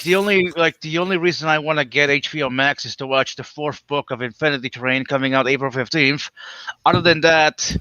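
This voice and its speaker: A man's voice: fairly high pitch, sharp tone, clear, resonant tone, no echo, dull audio. A man with a nasal voice, a livestream guest chatting casually over a video call, full of fillers and restarts. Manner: halting, many restarts and fillers. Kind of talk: casual chat.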